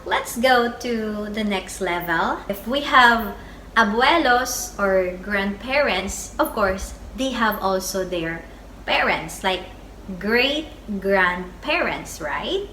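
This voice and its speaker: A woman teaching a beginner Spanish vocabulary lesson, saying each word twice in a slow, deliberate way. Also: medium pitch, expressive, bright, forceful tone. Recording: echoey room with faint background noise.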